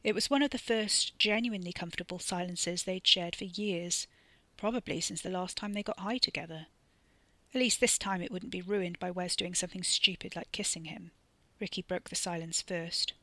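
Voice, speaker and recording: A woman reading fiction aloud in an expressive storytelling manner. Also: lowish voice, normal speed, no room sound. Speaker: audiobook narrator. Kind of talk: scripted narration.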